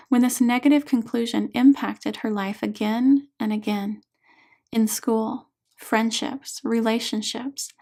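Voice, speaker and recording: A woman author narrating her own audiobook in a soft, measured way. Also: fairly high pitch.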